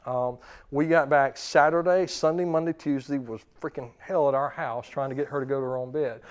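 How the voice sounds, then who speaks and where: A man's voice: mid-range voice, steady tone, brisk, clear, resonant tone. A man giving a seminar to dog owners as their trainer, talking conversationally, repeating words and checking in with his listeners. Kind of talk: seminar lecture to clients.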